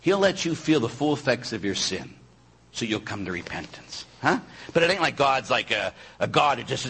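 A man, a priest, preaching a sermon in an animated way, full of rhetorical questions and quick asides. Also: mid-range voice, gravelly, husky, rough recording. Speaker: Catholic priest.

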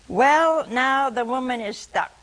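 A woman's voice: high voice, takes it slowly, a bit bright, rough recording. A woman preaching a sermon, telling the story with acted-out quotes, rhetorical questions and asides to her listeners.

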